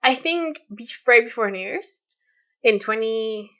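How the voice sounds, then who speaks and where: A woman's voice: on the high side, animated, unhurried, fairly bright tone. A woman in her late twenties, co-hosting a podcast and retelling a story in casual chat, with many fillers and quoted voices. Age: 20s. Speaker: podcast co-host.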